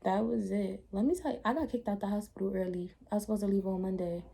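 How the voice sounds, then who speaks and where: Young woman vlogger, mellow husky low voice, blunt lively storyteller. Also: fast talker. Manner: blunt, animated retelling with slangy asides. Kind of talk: casual storytime chat.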